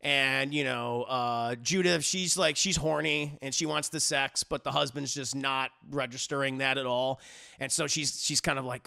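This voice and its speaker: A man giving a rambling, comedic movie recap, animated and full of profanity and restarts. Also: medium pitch, moderate pace, vocal fry. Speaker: movie reviewer.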